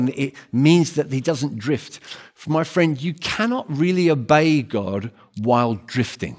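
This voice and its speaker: A man's voice: medium pitch, animated, measured pace, a little mellow. A man preaching a sermon in an earnest, emphatic way, often repeating phrases and restarting words.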